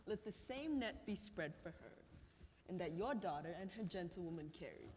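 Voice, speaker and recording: A performer playing a noble prince who declaims his lines in a stage play, sometimes rising to a shout. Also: mid-range voice, animated, normal speed, natural voice. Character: noble prince scheming with friends. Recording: reverberant hall, faint noise.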